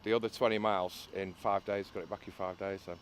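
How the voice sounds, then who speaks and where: Hesitant, low-voiced man storyteller. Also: little pitch movement, fast, a little hiss or hum. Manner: hesitant storytelling, many uhs, laughs at own story. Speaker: boat restorer. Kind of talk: casual interview anecdote.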